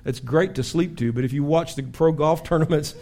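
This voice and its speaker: A man preaching a sermon as pastor in a church, telling stories with lively acted-out shouts. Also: on the high side, a little fast. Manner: animated storytelling with acted-out shouts. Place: church sanctuary.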